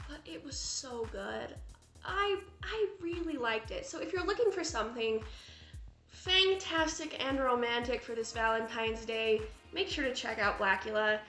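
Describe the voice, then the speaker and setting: A woman's voice: on the high side, a bit bright. A woman reviewing a horror film in a gushing, chatty vlog style, full of fillers. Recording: echoey room with faint music.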